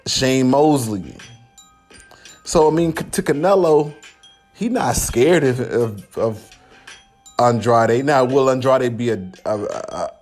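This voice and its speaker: A man's voice: mid-range voice, a little mellow. A man hosting a podcast, talking casually about boxing in loose slang with laughing asides. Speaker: podcast host.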